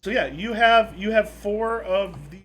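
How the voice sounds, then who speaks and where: A man's voice: high-pitched, measured pace, a little hiss or hum. A man running a tabletop game as game master, giving loose, rambling explanations.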